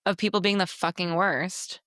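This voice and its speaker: A young woman co-hosting a book podcast in casual chat, animated and swearing freely. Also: lowish voice, moderate pace, no echo, clean studio sound. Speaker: podcast co-host.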